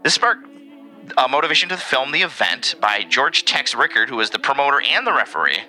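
A man's voice: medium pitch, brisk, faint music behind, rough recording. A man co-hosting a casual podcast, reading a history segment with joking asides. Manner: animated, reads facts with joking asides. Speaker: podcast co-host.

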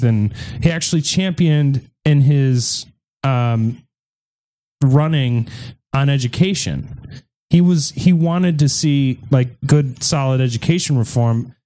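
A man's voice: medium pitch, dark tone. A man hosting a podcast, telling a story in a rambling, irreverent, joking way during a casual chat with friends. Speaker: podcast host.

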